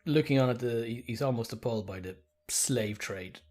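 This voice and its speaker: A man's voice: medium pitch, moderate pace, darkish tone. A man co-hosting a podcast, chatting casually and joking with a laugh in his voice. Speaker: podcast co-host. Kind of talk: casual chat.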